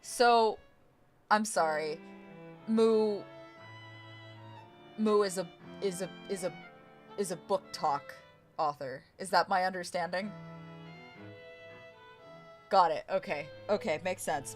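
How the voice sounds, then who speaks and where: A woman's voice: on the low side, slow pace, long pauses, soft background music. A young woman streamer playing a game, reading its text aloud and commenting in a bemused, playful way.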